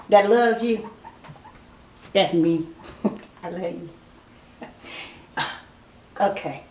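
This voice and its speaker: A woman's voice: lowish voice, reverberant, slight background noise. A woman in her fifties chatting casually to her viewers, laughing often and calling them y'all. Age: 50s. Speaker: vlogger. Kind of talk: casual chat to camera.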